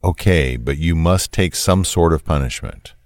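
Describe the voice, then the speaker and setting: A man reading the lines of a cold, controlling, menacing man in a flat, commanding way, in a true crime story. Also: extremely low pitch, moderate pace, no echo, clean studio sound.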